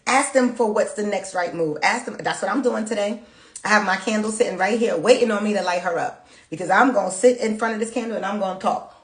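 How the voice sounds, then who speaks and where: A woman's voice: mid-range voice, quick pace, reverberant. A woman giving a live tarot reading. She answers viewers' chat in an emotional, prayerful, chatty way. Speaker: tarot reader.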